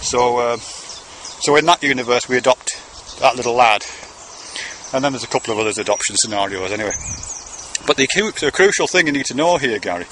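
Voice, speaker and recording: A man's voice: mid-range voice, lively intonation, fairly quick, bright, forceful tone, a little hiss or hum. A man talking to his son in a meandering, conversational monologue, swearing casually now and then. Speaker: father speaking to his son. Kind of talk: rambling monologue to camera.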